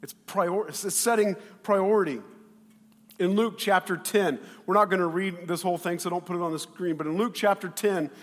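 A man pastor preaching a sermon in an animated way, with loud bursts and quiet asides, acting out the quoted voices. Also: high-pitched, moderate pace, long reverb tail.

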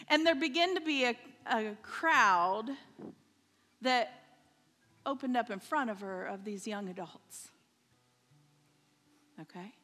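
Slow, bright-voiced woman preaching. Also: on the high side, expressive, in a large hall. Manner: storytelling, checks in with "okay?". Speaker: pastor's wife preaching. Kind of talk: sermon. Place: church sanctuary.

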